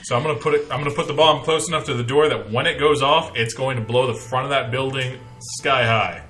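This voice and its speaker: A man's voice: mid-range voice, fairly even intonation, quick pace, fairly bright tone. A man playing a tabletop game, eagerly laying out his plans step by step. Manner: eager, plotting, talks through plans step by step. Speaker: player.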